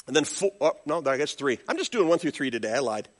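A man's voice: fairly high pitch, fast talker. A male pastor preaching a sermon, calling on the congregation to respond and acting out little voices as he goes. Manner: animated preaching with call-and-response and acted-out voices.

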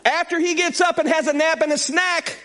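A man, a pastor, preaching a sermon with animated, playful storytelling and quick asides. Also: extremely high pitch, a faint crowd.

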